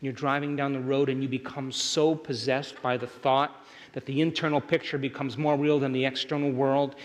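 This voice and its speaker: A man's voice: mid-range voice, little pitch movement, normal speed. A man giving a motivational workshop lecture to a live audience, speaking emphatically and often asking whether the listeners are still with him. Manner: emphatic, keeps checking in with the audience. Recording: long hall reverb.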